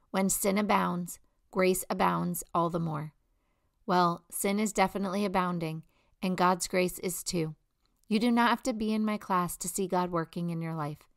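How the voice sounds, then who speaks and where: Earnest woman hosting a faith show. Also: mid-range voice. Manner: warm encouraging, earnest. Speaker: host of a faith testimony show. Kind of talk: scripted devotional narration.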